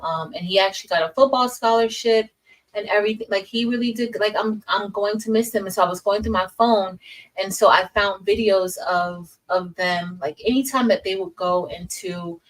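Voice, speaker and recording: Woman, teacher, livestream host, casual chat, says y'all, middle pitch, a bit off-mic. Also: normal speed, distant mic, low-quality recording. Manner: chatty, addresses viewers as y'all, reads chat aloud.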